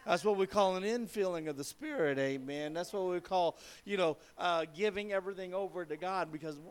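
A man's voice: high-pitched, a little fast, clean tone. Folksy, emphatic middle-aged man preaching. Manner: folksy, emphatic, repeats himself. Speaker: pastor. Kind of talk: sermon.

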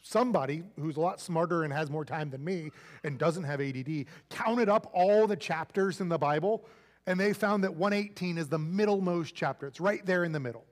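Man, pastor, high-pitched voice, chatty sermon, church reverb. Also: a little fast. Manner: conversational, often adds "right?". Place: church sanctuary.

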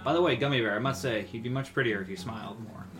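A man's voice: mid-range voice, very fast, over loud music. A man co-hosting a casual podcast, profane and ranting, laughing often. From Canada. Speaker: podcast co-host.

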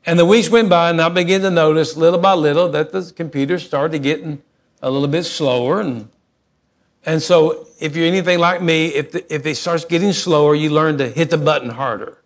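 Middle-aged pastor, somewhat high-pitched, folksy and animated, slowing down for emphasis. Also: male voice. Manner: folksy, animated, shifts between fast asides and slow emphasis. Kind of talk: sermon storytelling.

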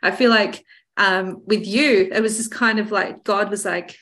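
A woman's voice: mid-range voice, steady tone, unhurried, a bit bright. Woman host reflecting in casual interview. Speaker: podcast host. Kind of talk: conversational interview.

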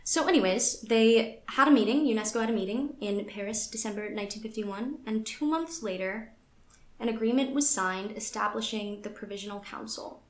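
A woman's voice: a little high, normal speed, roomy sound. A woman co-hosting a podcast, chatting casually with lots of fillers and reading passages aloud from a website. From United States. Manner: chatty, filler-heavy, self-deprecating. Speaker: podcast co-host.

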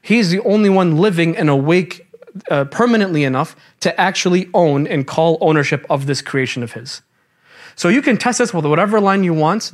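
A man teaching a lively religious class, quizzing the students and mixing in casual slang. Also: on the high side. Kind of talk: interactive classroom lecture.

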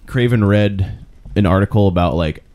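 A man on a podcast, casually sharing behind-the-scenes facts in a relaxed way. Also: fairly low pitch, moderate pace. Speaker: podcast co-host. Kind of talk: casual chat sharing trivia.

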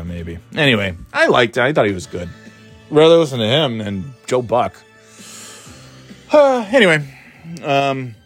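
A man's voice: mid-range voice, a bit bright. A man hosting a casual solo podcast from home, rambling and offhand, sighing and trailing off between thoughts. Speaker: podcast host.

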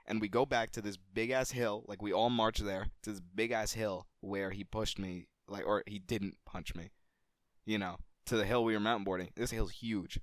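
A man co-hosting a podcast, telling a childhood story in a casual, animated way and swearing freely. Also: no room sound, clean studio sound. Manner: animated, gets louder and higher at the story's climax. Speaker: podcast co-host.

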